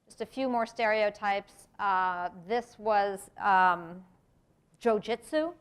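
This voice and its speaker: A woman's voice: medium pitch, steady tone, slow pace, clean tone. Earnest American woman giving a talk. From United States. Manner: earnest, reflective, with sudden emphatic rises. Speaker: speaker giving a presentation on race. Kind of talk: public talk to an audience. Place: lecture room.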